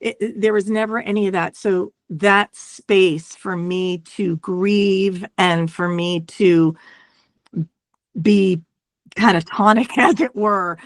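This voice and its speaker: A middle-aged woman telling her story as an interview guest, reflective and halting, often restarting and checking in with "right?". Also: medium pitch, fairly even intonation, no room sound. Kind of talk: conversational interview.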